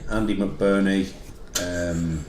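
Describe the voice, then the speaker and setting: A man's voice: low voice, steady tone, slow, echoey room, very noisy. A man from Bedworth with a Coventry and Bedworth accent, a comedian telling stories bluntly in casual podcast chat. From England, Bedworth. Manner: blunt, swearing storyteller. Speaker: comedian guest.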